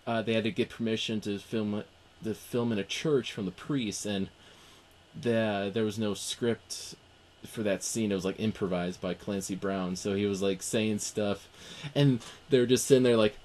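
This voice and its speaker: Low-voiced rambling man chatting about films. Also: steady tone, moderate pace, a little mellow, a little hiss or hum. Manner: rambling, many fillers and restarts. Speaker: podcast co-host. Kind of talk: casual film discussion.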